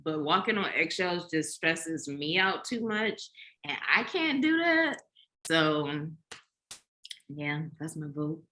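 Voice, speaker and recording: A woman with a bright, forceful voice set a little low, talking openly in a relaxed podcast chat. She speeds up and gets lively when a point excites her. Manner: candid, expressive, talks fast when animated. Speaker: podcast host. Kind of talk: casual chat.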